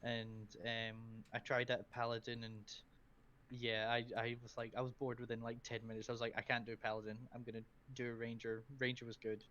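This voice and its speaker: A man's voice: mid-range voice, completely flat delivery, fairly quick, a bit bright. A Scottish man chatting as a podcast guest, rambling with lots of fillers. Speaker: streamer guest. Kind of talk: casual podcast chat. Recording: dull lo-fi sound.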